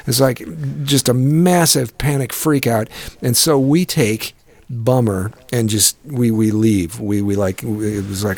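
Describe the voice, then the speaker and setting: A man's voice: medium pitch, measured pace, darkish tone, dry recording. A middle-aged man telling a long story in casual chat, rambling and profane, with many restarts and fillers.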